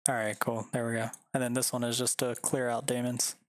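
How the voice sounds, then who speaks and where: A man's voice: mid-range voice, level tone, a little fast, no echo. Chill guy streaming games from home, rambles a lot, swears, dry close mic. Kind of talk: casual game-stream chat.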